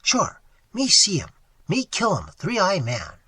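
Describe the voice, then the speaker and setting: Picture a blunt, clipped storybook hunter, as a reader puts him on, voice pushed noticeably higher and louder than the narration, with a breathy, husky edge. Every phrase lands short and emphatic, almost stubborn. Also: male voice, wildly swooping pitch, slow, dry recording, exaggerated voice. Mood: insistent. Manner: clipped broken speech, emphatic. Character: terse male Seminole man in an old tale.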